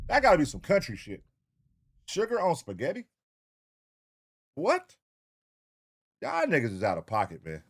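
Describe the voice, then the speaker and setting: A man hosting a casual livestream reaction show, talking with profanity and calling out viewer names in an animated roll call. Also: fairly high pitch, husky. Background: hip hop music.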